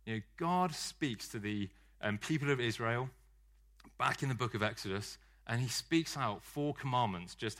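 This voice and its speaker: Bright-voiced man preaching. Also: medium pitch, lively intonation, moderate pace. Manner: conversational, joking, self-deprecating. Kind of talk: sermon.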